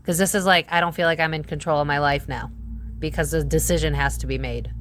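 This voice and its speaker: A woman's voice: low-pitched, steady tone, fast, a little hiss or hum. A woman giving a casual tarot reading to her viewers, chatty, exclaiming and blunt, with the odd swear. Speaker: psychic tarot reader.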